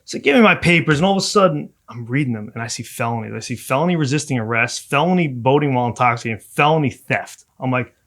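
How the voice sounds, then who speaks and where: A man's voice: mid-range voice, fast, few pauses, fairly bright tone. A man in his thirties, a podcast guest, telling his story in a casual interview and acting out the people in it.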